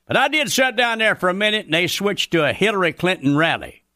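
Brief: a man voicing a grumpy redneck radio commentator, drawl, bright and forceful, rather high-pitched. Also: very animated, a little fast, no echo, clean studio sound, heavily acted. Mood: ranting. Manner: folksy, ranting, ungrammatical drawl. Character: loudmouthed folksy redneck male commentator, middle-aged, grumpy. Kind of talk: scripted radio comedy rant.

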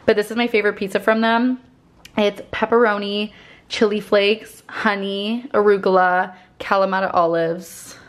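A woman's voice: mid-range voice, flat delivery, normal speed. Bubbly young woman vlogging at home. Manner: bubbly and chatty, many fillers. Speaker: vlogger and brand founder. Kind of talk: casual vlog talk to camera. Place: her apartment.

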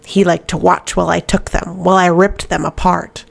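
A deep, cold demon that speaks slowly and with menace, as in a storybook read aloud, with a woman putting it on. The voice sits low and has a gravelly edge. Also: little pitch movement. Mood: menacing. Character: cold ancient male demon possessing a man.

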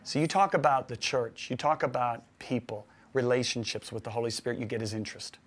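A middle-aged man with a medium-pitched voice teaches a sermon at a fairly quick pace. He swings from loud, emphatic preaching to soft, quiet confession and acts out his own quoted words.

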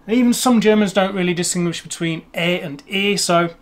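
English man, lightly raised voice, casual teacher, sounds out words slowly, self-mocking asides. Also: high-pitched. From England. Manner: chatty, self-deprecating, slows to sound out words. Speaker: language teacher. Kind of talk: casual explanatory lesson.

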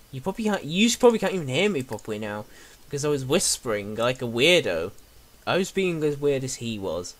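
A man's voice: mid-range voice, very animated, fairly quick. A young man talks his way through a video game, rambling and joking. He scolds and teases the characters on screen. His voice sits in an ordinary middle range for a man. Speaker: gamer. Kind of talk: casual let's play commentary.

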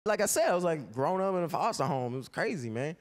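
A man's voice: on the high side, quick pace, a loud crowd. A young American man doing a stand-up comedy set, acting out stories with big voices and screams. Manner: animated, acts out screaming kids and voices. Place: comedy club stage with live audience. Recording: live stage set with audience laughter and noise.

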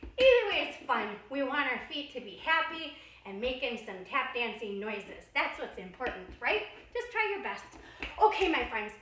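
A woman's voice: high-pitched, sing-song, normal speed. A woman leading a children's dance lesson, upbeat and encouraging as she counts out the steps. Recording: roomy, distant, loud music behind.

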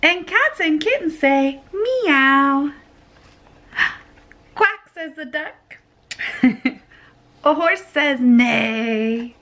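Young mother reading picture books to her toddler; bright, playful, sing-song, taking her time. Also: sits high, expressive, extremely slow, long pauses.

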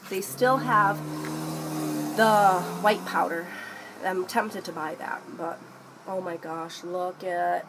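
A woman's voice: on the low side, a little slow, noisy background. Young woman vlogger, bubbly and theatrical, drifts into silly accents, recorded on camera mic in a small room. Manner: excitable, bursts into song, slips into put-on accents. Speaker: beauty vlogger. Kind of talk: casual makeup haul chat.

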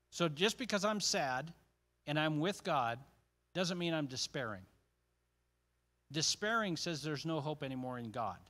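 A man's voice: fairly high pitch, fairly bright tone. A man leading a church Bible study in a casual, conversational teaching style, with joking asides and frequent restarts.

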